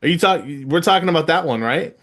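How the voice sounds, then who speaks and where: A middle-aged man co-hosting a podcast, arguing hotly and incredulously, his voice jumping up in loud outbursts. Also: a little high, expressive, a little fast. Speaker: podcast co-host. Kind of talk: heated casual podcast debate.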